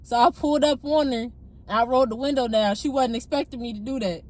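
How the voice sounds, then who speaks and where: A young woman with a fairly high voice tells her story from her parked car. She talks casually and with a lot of life, laughs often and acts out what she said back then. It sounds like a chatty vlog. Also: quick pace. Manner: animated, laughs often, voices her own past outbursts. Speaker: testimony vlogger.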